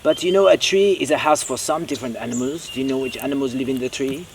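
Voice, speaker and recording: A man's voice: mid-range voice, fast, creaky, slight background noise. A man with a French accent hosting a children's show, teasing the kids and sprinkling in French words. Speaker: host.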